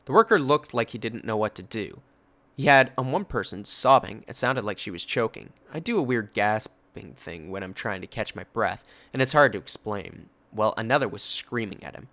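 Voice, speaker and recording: A man's voice: fairly low pitch, expressive, moderate pace, pushed and bright. A man casually narrating a story, swearing freely and breaking off for personal asides. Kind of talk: reading a story.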